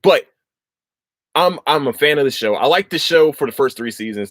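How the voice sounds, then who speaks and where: Animated, swearing male podcast host. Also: medium pitch, fast talker, dry recording. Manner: animated, profane, rambling with restarts. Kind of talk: casual podcast chat.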